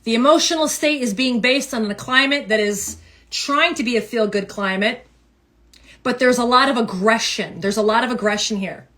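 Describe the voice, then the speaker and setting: A woman giving a casual tarot reading, animated and emphatic, repeating phrases for effect. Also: on the high side, normal speed. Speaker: tarot reader.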